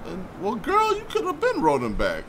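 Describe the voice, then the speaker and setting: A man streaming a video game, reacting with joking, animated commentary and laughs. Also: high-pitched, normal speed, background noise. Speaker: let's play streamer. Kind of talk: gameplay commentary.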